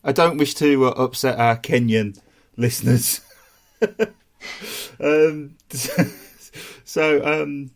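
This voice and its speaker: An English podcast host with a Black Country accent chats casually over a video call, laughing often. His voice sits in the mid range, and he draws out his words with long pauses.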